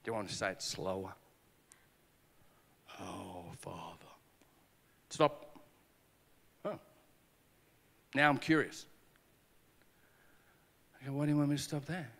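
A man's voice: mid-range voice, long reverb tail. A male pastor giving a conference sermon, telling stories with acted-out dialogue and self-deprecating humor. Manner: animated storytelling with acted dialogue. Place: conference hall.

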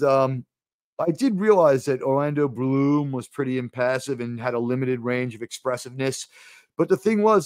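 A man's voice: mid-range voice, no room sound, clean studio sound. A middle-aged man, hosting a casual livestream, rambling through digressions, swearing freely and answering chat with wry asides. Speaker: livestream host.

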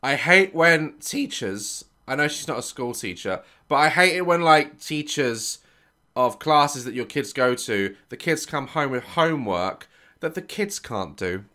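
A man's voice: medium pitch, lively intonation, a little slow, sharp tone. A man in his thirties, hosting a reaction video and telling a sweary, comic story in casual chat.

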